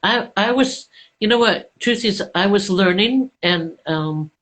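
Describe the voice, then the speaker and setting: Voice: mid-range voice, unhurried, a bit bright, low-quality recording. Laid-back actor guest, lots of ums, easy going chat. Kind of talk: casual live chat.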